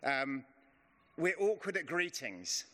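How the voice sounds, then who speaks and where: A man's voice: on the high side, very animated. A man, middle-aged, giving an informal, chatty and self-deprecating sermon as a preacher. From England. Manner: chatty and self-deprecating, slows to a hush in prayer. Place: church hall. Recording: long reverb of a church hall.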